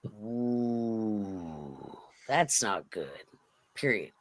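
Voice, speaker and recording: Expressive woman, laughing storyteller. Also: extremely low pitch, very slow. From Southern California. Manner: expressive, laughing, acts out voices. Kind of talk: casual storytelling chat.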